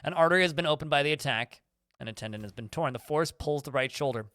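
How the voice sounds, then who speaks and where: A man's voice: fairly high pitch, fast talker, fairly bright tone, dry recording. A man streaming a video game, reading the combat log aloud with many fillers and restarts while chatting with viewers. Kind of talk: livestream gameplay commentary.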